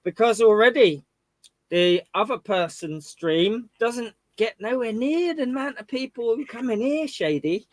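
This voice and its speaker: A man with a notably high voice chats on a livestream. The sound is dry and close. He talks in an encouraging way and keeps adding "you know what I mean". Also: lively intonation, unhurried, no room sound. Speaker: regular on the stream. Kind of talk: casual livestream chat.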